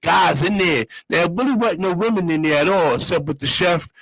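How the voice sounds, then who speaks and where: Casting: man, raised-pitch voice, streetwise slang, repetitive casual storytelling, dry close mic. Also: brisk, a bit bright, husky, no room sound, low-quality recording. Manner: streetwise slang, repeats phrases, loose storytelling. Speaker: show host. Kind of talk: casual monologue.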